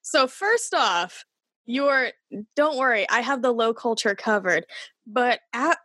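A woman's voice: fairly high pitch, expressive, takes it slowly, bright, forceful tone, no echo. A young woman co-hosting a podcast, teasing her co-hosts in a wry, casual way. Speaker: podcast co-host. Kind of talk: casual chat.

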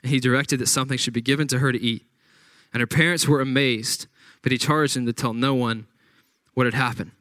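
A man's voice: mid-range voice, steady tone, fairly quick, fairly bright tone, no room sound. A man preaching a sermon, reading scripture aloud and retelling the story with dramatic acted-out quotes. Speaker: pastor.

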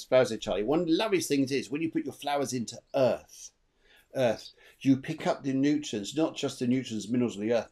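A man's voice: medium pitch, a little mellow. A man co-hosting a live online show, giving a chatty, rambling tarot reading and repeating his phrases. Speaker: tarot reader and co-host.

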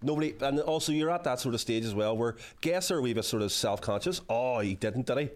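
A man's voice: mid-range voice, fast talker. A young Northern Irish man chatting casually and swearing freely while playing a football video game. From Northern Ireland. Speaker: guest musician. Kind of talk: casual chat while gaming.

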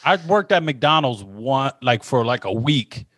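Host type, man, relaxed and swears freely, mid-pitched voice, dry close sound. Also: unhurried, no echo. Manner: profane, laid-back storytelling. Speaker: podcast host. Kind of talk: casual chat.

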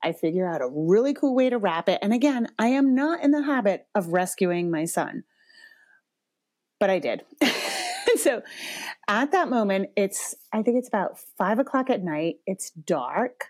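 A woman in her forties tells a personal story as a parenting podcast host, in a mid-pitched voice. She talks loosely and animated, swears freely and laughs often. When she acts out quotes her pitch jumps up. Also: normal speed. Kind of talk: casual storytelling.

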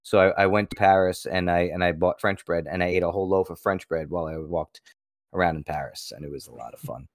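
A man's voice: low-pitched, fast talker, no echo, clean studio sound. An American man co-hosting a podcast, telling a story in a rambling, casual way, repeating words and swearing now and then. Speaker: podcast co-host.

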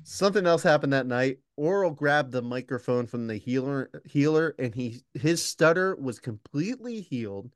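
A man's voice: medium pitch, lively intonation, normal speed, hardly any pauses, no echo, studio quality. A man co-hosting a comedy podcast, reading out a story in casual chat between laughs and jokes. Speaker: podcast co-host reading the script.

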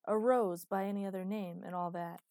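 A woman reading a teasing, flirtatious grown man, mock-romantic and deadpan, in an audiobook. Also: medium pitch, normal speed, no room sound, lightly acted. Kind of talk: audiobook character voice.

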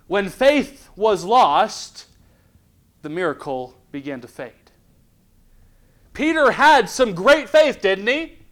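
A male pastor with a high, slightly bright, very animated voice takes his time, leaving long pauses as he preaches a midweek Bible study in church. He reads scripture aloud, asks the congregation questions, and performs little scenes, with many restarts. Rhetorical questions and dramatized asides shape his preaching.

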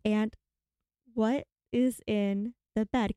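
Woman telling a horror movie plot, super animated, mellow dark voice, dry close sound. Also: medium pitch, measured pace, no room sound. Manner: animated, dramatic, acts out characters' lines. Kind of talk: casual movie recap chat.

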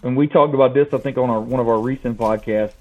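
A man's voice: medium pitch, steady tone, fast talker. A man chatting casually as a guest on a sports podcast, hedging with fillers as he talks. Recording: tinny phone-like line.

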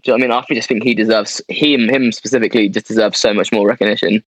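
A man's voice: lowish voice, fairly even intonation, rapid-fire, slightly rough, dry recording, low-quality recording. Give me a casual English band guy, dry and up close, who keeps tossing in "mate" and "to be fair.". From England. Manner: rambling, laughs often, fillers like "mate" and "to be fair". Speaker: band member guest. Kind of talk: casual interview chat.

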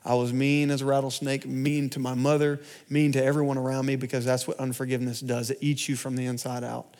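A man preaches in a church, telling his own story. His delivery swings from loud, driving phrases to hushed, almost whispered asides. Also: mid-range voice, level tone, brisk. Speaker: pastor. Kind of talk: sermon testimony.

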